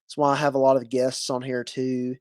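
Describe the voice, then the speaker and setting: A man's voice: mid-range voice, monotone, a little fast, darkish tone, dry recording, clean studio sound. A man with a Southern US accent hosting a casual podcast interview, rambling with lots of fillers and restarts. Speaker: podcast host.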